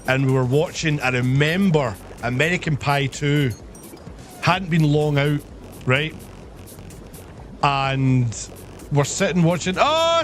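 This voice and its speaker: A young man livestreaming, telling a long profane story to his chat and acting out the people in it. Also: fairly high pitch. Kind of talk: casual storytelling on a live stream.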